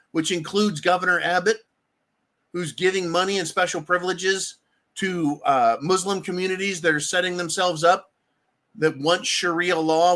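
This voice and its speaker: A man's voice: sits high, bright, forceful tone. A man hosting a live stream, ranting heatedly with frequent swearing and calling his listeners folks. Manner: keeps addressing listeners as folks. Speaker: livestream host.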